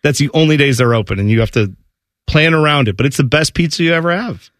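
Man, sports radio host, slightly high voice, dry studio sound, joking banter. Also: quick pace, no room sound. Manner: animated, joking storyteller.

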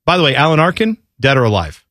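Brief: male radio co-host, lively swooping delivery, slightly high voice, dry close sound. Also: fast, dry recording. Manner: animated, excitable storyteller. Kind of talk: casual radio banter.

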